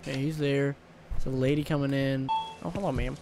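A man's voice: medium pitch, steady tone, quick pace, noisy background. A young man playing a horror game, commentating with crude jokes and jumpy reactions. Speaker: gaming streamer.

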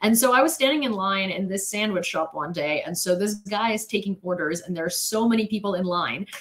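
A woman's voice: mid-range voice, fairly quick. A young woman streamer telling a long casual story to her chat, rambling with many "like"s and restarts and laughing often.

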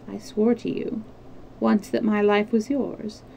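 A woman's voice: mid-range voice, little pitch movement, slow, creaky, dark tone, rough recording. A woman reading aloud and voicing a proud English nobleman who speaks in an icy, restrained way.

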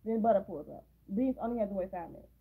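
Lady doing a casual movie recap, sarcastic asides, kinda husky, sounds like a phone line. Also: medium pitch, lively intonation, fast talker. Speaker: movie reaction host.

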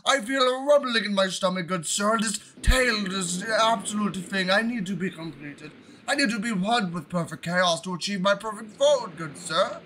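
A man's voice: high-pitched, moderate pace, pushed and bright, slight background noise, rough recording. A man voicing a genteel, overly polite male frog who keeps saying "good sir" while pleading in a posh manner.

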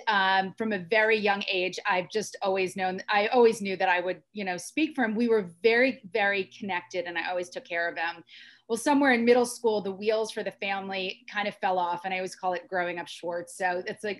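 A middle-aged American woman telling her personal story as a podcast guest, earnest and intense. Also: medium pitch. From United States. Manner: earnest and intense, with frequent restarts.

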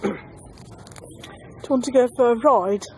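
A woman's voice: on the high side, a little slow, noisy background. A woman teasing her friend with sarcastic remarks while they film a casual vlog in a big store. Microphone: friend's handheld phone camera. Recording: busy shop crowd behind.

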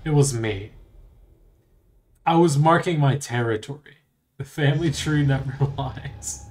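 A man's voice: medium pitch, unhurried, long pauses, a little mellow. A man streaming a video game, joking crudely and talking to the game and his chat in casual commentary.

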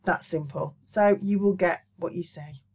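A woman from the Black Country talks to camera in a loose, rambling way, full of ums and side remarks. Her voice sits a little low. The sound is slightly muffled and lo-fi, like a small home studio setup. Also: a little slow, a little mellow, breathy edge. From Black Country, England. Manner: rambling, chatty, lots of ums. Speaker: crochet and craft channel host. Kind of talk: casual chat to camera.

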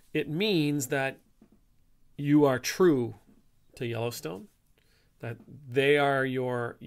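Male priest, gravelly voice, halting and conversational. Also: medium pitch. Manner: rambling, halting, full of restarts. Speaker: Anglican priest. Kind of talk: casual spoken reflection.

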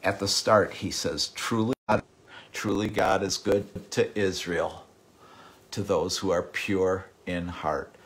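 A middle-aged man preaching a sermon with passion, repeating words, swinging from loud outbursts to hushed, whispered lines. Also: deep voice, steady tone, slow pace. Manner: impassioned, with repeated words and sudden drops to a hush. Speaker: pastor.

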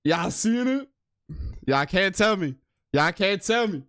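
A man's voice: high voice, lively intonation, takes it slowly, a bit bright. A man streaming a game live, giving casual, profane, slangy commentary and laughing often.

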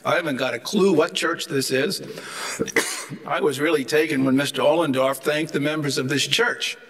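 A man's voice: on the high side, steady tone, normal speed, fairly bright tone. Wry older man lecturing. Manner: wry, joking asides; chatty, rambling with restarts. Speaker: guest theology lecturer. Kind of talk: humorous anecdotal lecture.

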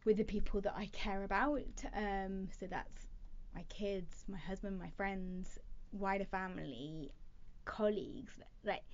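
Lively storytelling woman, muffled recording. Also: medium pitch. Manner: lively storyteller with hesitant restarts. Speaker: podcast guest, talent development leader. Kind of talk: casual interview chat.

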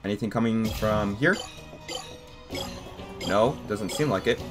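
A young man doing casual let's-play commentary, excitable and jumpy, talking to his viewers as he plays. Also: fairly low pitch, unhurried, over music. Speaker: gaming YouTuber.

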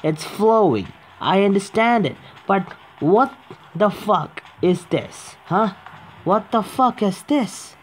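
A man's voice: high voice, expressive, slow pace, slight background noise. A young man who just woke up, casually commentating a mobile game, swearing and arguing with the controls. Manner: profane, exasperated, talks to the game. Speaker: gaming YouTuber.

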